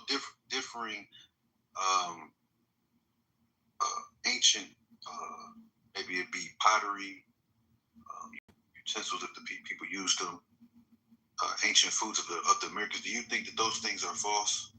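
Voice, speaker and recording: A man calling in with a question, halting and hesitant, full of fillers. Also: sits low, sharp tone, rough recording.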